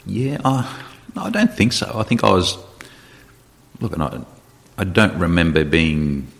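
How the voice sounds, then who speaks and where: A middle-aged man, a retired soldier, telling stories in a relaxed, conversational way as a podcast guest. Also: low-pitched, a little slow, gravelly. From Australia. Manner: relaxed storyteller, retells dialogue, light laughs. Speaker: guest, retired special forces sergeant major. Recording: reverberant room.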